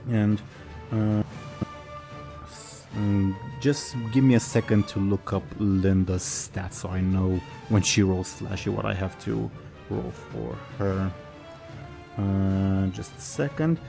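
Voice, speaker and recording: A man's voice: lowish voice, steady tone, takes it slowly, vocal fry, long pauses, music in the background. A man narrating as game master of a tabletop game, casual and full of fillers. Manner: casual, with many fillers and laughs.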